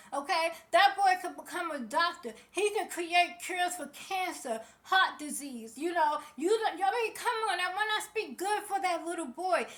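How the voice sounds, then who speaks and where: High-pitched female vlogger, heated celebrity commentary, sassy and outspoken. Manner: passionate, sassy, speaks straight to people.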